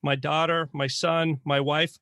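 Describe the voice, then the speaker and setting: A man with a Boston accent co-hosts a casual podcast in an upbeat, joking way. His voice is bright and forceful, pitched a little high for a man, and the sound is dry and close. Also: level tone, unhurried, clean tone, no echo. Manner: emotional, upbeat, jokey. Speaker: podcast co-host.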